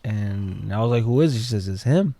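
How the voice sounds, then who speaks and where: A man's voice: lowish voice, expressive, a little fast, gravelly, dark tone, no room sound. A man guest on a podcast, telling a story casually and acting out the quotes, with swearing.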